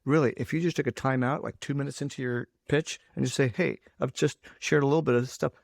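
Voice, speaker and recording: Gravelly-voiced man hosting a podcast. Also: mid-range voice, steady tone, fast talker, no echo, studio quality. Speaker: podcast host. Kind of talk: casual podcast conversation.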